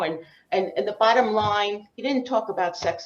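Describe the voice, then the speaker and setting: An older woman with a thick Brooklyn accent works through a bawdy stand-up set, brash and full of Yiddish slang. Her voice sits mid-pitched, and the sound is dull and roomy, as if picked up in an echoing space over a muffled line. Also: normal speed, few pauses. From Brooklyn, New York. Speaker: comedian at an open mic.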